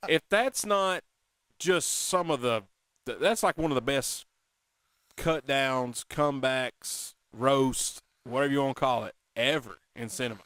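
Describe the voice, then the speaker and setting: A man co-hosting a casual talk show, animated and chatty, often slipping into quoted movie lines. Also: medium pitch, unhurried, clean tone, no room sound. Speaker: podcast co-host. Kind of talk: casual chat.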